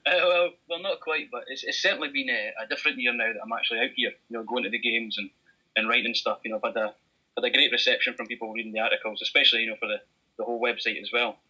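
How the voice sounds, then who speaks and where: A Scottish man, a guest writer, chatting in a relaxed, friendly way on a podcast over a muffled phone line. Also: medium pitch, rapid-fire, slightly rough. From Scotland. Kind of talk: podcast interview chat.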